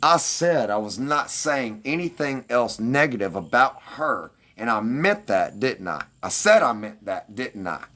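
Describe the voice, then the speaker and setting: A man's voice: medium pitch, sing-song, unhurried, hardly any pauses, fairly bright tone. Profane, defensive man ranting at chat. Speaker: livestreamer answering comments.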